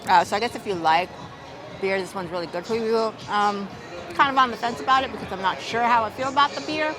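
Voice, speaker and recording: A woman's voice: fairly high pitch, quick pace, over music, crowd noise. A woman food vlogger chatting casually as she tastes and reviews dishes outdoors, hedging and thinking aloud. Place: outdoors at a theme park, windy.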